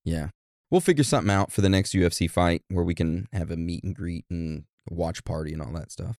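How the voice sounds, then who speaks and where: A man co-hosting a casual podcast, joking around and reading out listener shout-outs in an animated way. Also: deep voice, fairly quick, dry recording, clean studio sound. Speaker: podcast co-host.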